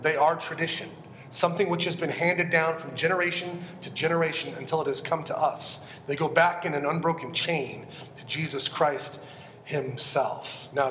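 A pastor with a fairly high, fairly bright voice gives an earnest, emphatic expository sermon, often questioning his audience. It takes place in a church sanctuary, recorded in an echoey hall with long reverb and slight background noise.

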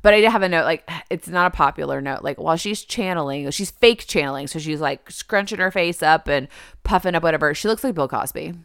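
A woman's voice: low-pitched, a little fast, fairly bright tone, clear, resonant tone, dry recording, studio quality. A woman co-hosting a podcast in casual chat, retelling scenes animatedly and acting out the characters' lines. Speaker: podcast co-host.

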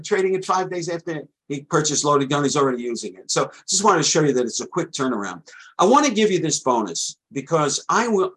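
Middle-aged guy pitching his trading course, husky voice kinda high, keeps stumbling and restarting. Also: a bit bright, low-quality recording. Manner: rambling, stammers and restarts often. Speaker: trading coach.

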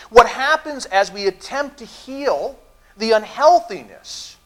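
A middle-aged man preaching a sermon as pastor of his church, telling stories and talking back and forth with the congregation. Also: high-pitched. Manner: lively storytelling with audience asides. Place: church sanctuary.

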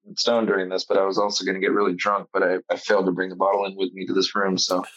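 Male guest, low, fast, husky, muffled lo-fi line. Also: monotone, a bit bright. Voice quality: quick, stammering restarts. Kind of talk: casual stoned chat.

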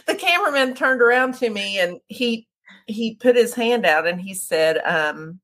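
A woman hosts a casual podcast interview. Her voice is a little high. She is friendly, pokes fun at herself and laughs along with her guest. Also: expressive, normal speed, fairly bright tone. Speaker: podcast host.

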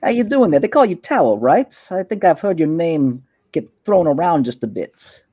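A smug half-elf mobster boss drawls his threats in a higher, lifted voice, as a man puts him on. He taunts and menaces with a mellow tone. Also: very animated, normal speed, breathy edge. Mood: taunting.

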